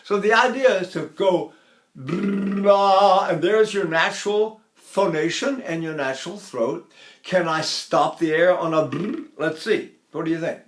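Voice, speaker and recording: A man's voice: high-pitched, a little slow. An older man, a tenor and voice teacher, giving a conversational lecture with many fillers and occasional sung examples. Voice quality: trained tenor voice. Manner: conversational, many fillers, breaks into full operatic singing.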